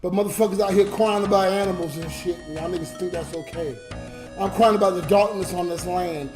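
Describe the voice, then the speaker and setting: A man's voice: high-pitched, fairly even intonation, brisk, over music. Drunk, tearful man ranting on a livestream. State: crying. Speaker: livestreamer and YouTube comedian. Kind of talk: emotional livestream talk to chat.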